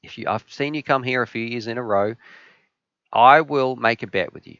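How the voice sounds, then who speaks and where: A man's voice: medium pitch, moderate pace, a bit bright, no room sound, dull audio, natural voice. A man voicing a playful helicopter pilot who offers an old couple a bet. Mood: bargaining. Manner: bargaining, playful.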